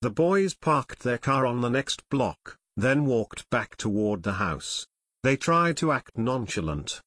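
A man reading an audiobook in a steady, measured narration on a close mic. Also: mid-range voice, no echo.

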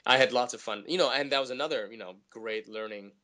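A male voice actor, a guest on an interview show, telling stories in a casual chat with lots of high energy. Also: quick pace. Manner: high-energy, animated storytelling.

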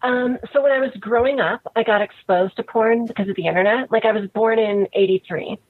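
A woman's voice: on the high side, fairly quick, no room sound. A woman in her thirties, a guest in an interview, talking frankly and casually with lots of "like" fillers. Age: 30s. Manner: frank, relaxed, many "like" fillers. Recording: tinny phone-like line.

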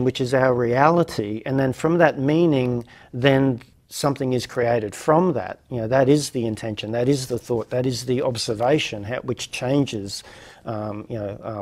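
A man's voice: medium pitch, darkish tone. A man hosting a reflective lecture series, musing aloud with many fillers and restarts. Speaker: host of a non-duality lecture series.

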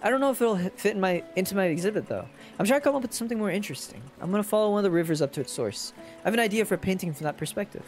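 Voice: medium pitch, lively intonation, rapid-fire, soft background music, natural voice. A streamer voicing a hopeful young painter, reading game dialogue aloud in a raised, cheerful voice.

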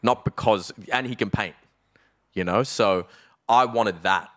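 Australian guy, low voice, streetwise podcast guest, swears a lot, loose casual storytelling. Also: unhurried, a bit bright, no room sound. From Melbourne, Australia. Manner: streetwise, swears freely, leans on "like" and "you know".

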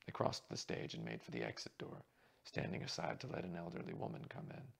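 Gravelly, husky man reading a novel. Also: extremely low pitch, huge pitch swings, fairly quick. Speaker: reader.

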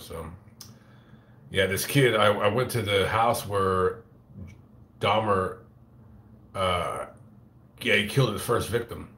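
A man with a very low voice rambles through a casual livestream chat, swearing freely and stumbling into restarts as he goes. He talks into a phone in an echoey room. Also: a bit bright. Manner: profane, halting, with frequent restarts. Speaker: channel host on a livestream.

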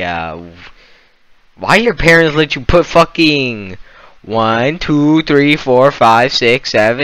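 A man's voice: medium pitch, fairly bright tone, smooth, no room sound. A young man casually reacting to a video, swearing constantly and mocking what he watches. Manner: profane, mocking, jokey.

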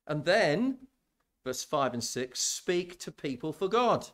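A man preaching a sermon in a church, conversational and animated, often repeating words as he builds his points. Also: on the high side, takes it slowly.

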